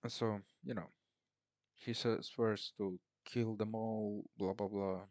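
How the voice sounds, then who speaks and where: A film reviewer gives a casual recap of a movie's plot, rambling and tossing in sarcastic asides that mock the characters. He speaks slowly and without hurry in a slightly low, somewhat mellow voice with fairly even intonation. The recording is close and dry, with no echo or room sound.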